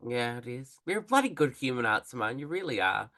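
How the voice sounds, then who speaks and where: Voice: medium pitch, big pitch swings, fairly quick, crowd noise. A podcast host chatting casually, exuberant and gushing, swearing freely.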